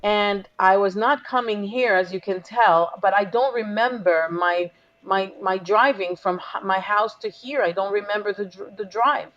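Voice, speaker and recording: A woman coach tells her story as an interview guest, earnest and emotional, voicing each quoted exchange. Her voice sits at a middle pitch. The recording sounds a little dull and lo-fi. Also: measured pace, few pauses, a bit bright.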